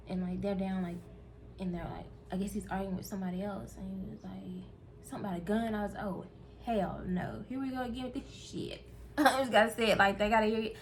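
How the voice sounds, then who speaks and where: A woman's voice: mid-range voice, a little hiss or hum. A woman from North Carolina, chatting candidly and directly to her viewers in a casual vlog. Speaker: vlogger.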